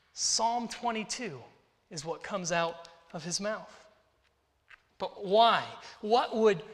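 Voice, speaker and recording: A man preaching a sermon in a slow, earnest, deliberate way, with dramatic pauses. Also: high-pitched, bright, forceful tone. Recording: reverberant hall.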